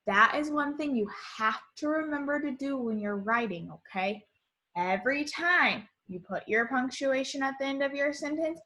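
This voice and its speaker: A woman teaching an online summer school lesson to young children, speaking slowly and cheerfully from a home computer. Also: on the high side, pushed and bright. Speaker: kindergarten teacher.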